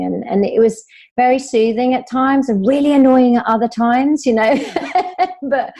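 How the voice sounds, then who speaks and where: A woman's voice: fairly high pitch, moderate pace, warm tone. A woman guest, an author and speaker, talking fluently and telling stories in a casual interview.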